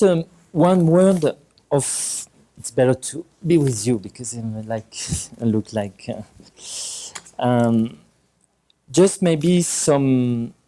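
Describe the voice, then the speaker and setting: French-accented man lecturing, mellow voice. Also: lowish voice. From south of France. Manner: halting, many fillers and restarts. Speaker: guest lecturer. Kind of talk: conference talk. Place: lecture hall.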